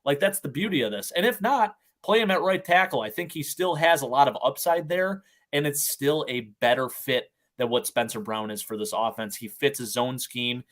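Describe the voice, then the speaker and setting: A man's voice: medium pitch, normal speed, hardly any pauses, a bit bright. A man hosting a sports podcast, talking casually with plenty of enthusiasm. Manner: enthusiastic, upbeat. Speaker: podcast host.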